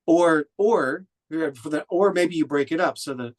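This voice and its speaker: A man's voice: on the high side, measured pace. A man from Oklahoma, an audiobook narrator and director, giving conversational feedback with frequent restarts. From Oklahoma, USA. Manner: thoughtful, with frequent restarts and fillers.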